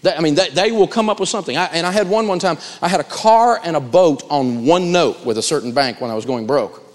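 A man gives a live seminar on negotiating, telling stories with animated energy. His voice sits a touch high for a man, and a long hall reverb trails behind it. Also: quick pace. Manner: animated storytelling, acts out quotes. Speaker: negotiation speaker.

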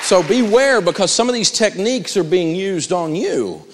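A man gives a live seminar on negotiating, telling stories with animated energy. His voice sits a touch high for a man, and a long hall reverb trails behind it. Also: normal speed, over a noisy crowd, heavy background noise. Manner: animated storytelling, acts out quotes. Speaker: negotiation speaker.

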